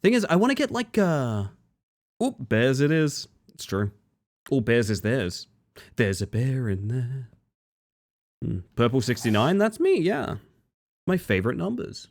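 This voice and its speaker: This Australian streamer has a mid-range voice with big pitch swings, a measured pace, and frequent pauses, recorded without room sound. He chats casually with viewers while gaming, muttering to himself and breaking into sudden exclamations.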